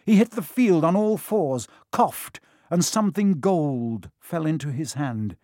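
A man narrating a children's storybook in a steady, expressive reading. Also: on the high side, unhurried, dry recording, clean studio sound. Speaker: audiobook reader.

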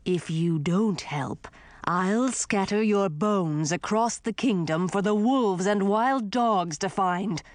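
A woman's voice: medium pitch, no echo, lightly acted. A woman doing a stern ghost king. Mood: menacing. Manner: slow, solemn, menacing.

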